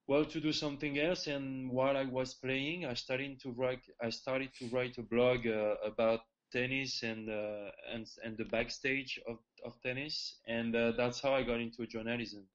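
Hesitant French-accented man, flat voice. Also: mid-range voice, normal speed, hardly any pauses, lo-fi sound. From France. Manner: hesitant, many restarts and fillers. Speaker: guest, former tennis pro.

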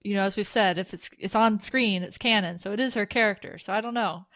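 A woman's voice: medium pitch, brisk, a bit bright, dry recording. A woman co-hosting a podcast, recapping a TV episode in casual chat full of jokes and fillers. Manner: chatty, joking, full of fillers. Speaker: podcast co-host.

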